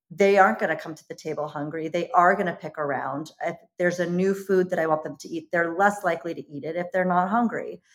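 A woman with a somewhat low voice, a cookbook author guesting on a casual interview. She speaks earnestly and thoughtfully, pausing and restarting now and then.

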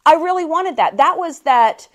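A woman hosting a podcast, telling a story in a chatty, animated way. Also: sits high, moderate pace. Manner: chatty and animated, with frequent laughs. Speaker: podcast host. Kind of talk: casual storytelling monologue.

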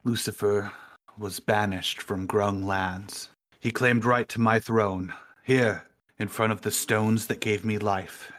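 A man voicing an ancient, solemn male frog chieftain in a measured, grave manner. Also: lowish voice, fairly even intonation, fairly bright tone.

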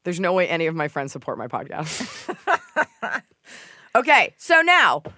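A woman hosting a podcast, telling stories in a casual comedic chat, swearing and mimicking people in a shrill voice. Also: measured pace, dry recording, clean studio sound. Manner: animated storytelling, swears freely, mimics others in a shrill voice. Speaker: podcast host.

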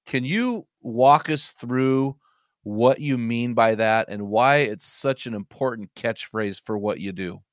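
A man hosting a podcast, asking his guest questions in a measured, earnest way. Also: mid-range voice, no echo, studio quality. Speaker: podcast host. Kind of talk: interview questions.

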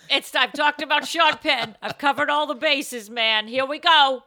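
A young woman hosting a comedy podcast, rambling and giggling through a deliberately bad put-on Irish accent. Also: high voice, bright, forceful tone, dry recording, studio quality. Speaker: podcast host.

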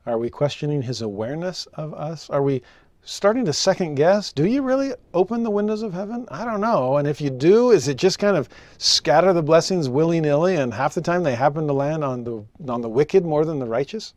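A man teaching a scripture lesson, telling personal stories with animation and slowing down to read verses solemnly. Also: dry recording. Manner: expressive, rises in pitch for rhetorical questions.

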